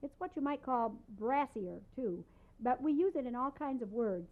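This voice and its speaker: A woman vocal instructor giving calm, deliberate coaching in a recorded voice lesson, on a lo-fi cassette tape. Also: sits high. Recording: tinny lo-fi cassette tape with piano. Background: piano accompaniment.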